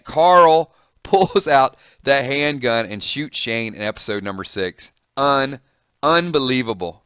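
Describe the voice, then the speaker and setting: A man's voice: medium pitch, lively intonation, slow pace, fairly bright tone, smooth, no room sound, clean studio sound. A man casually reading and commenting on a comic, chatty and reactive, musing aloud.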